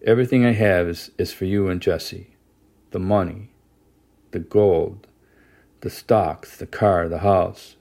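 A man reading the part of an elderly grandfather who croons softly and sobs, in an audiobook. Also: deep voice, steady tone, measured pace, long pauses. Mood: tearful. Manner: soft, crooning and sobbing. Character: elderly grandfather, tearful and tender.

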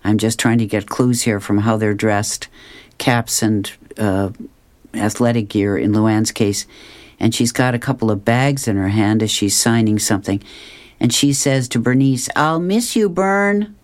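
A man's voice: on the low side, steady tone, a little slow. A man reading comic strips aloud, describing each panel and chuckling often. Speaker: reader.

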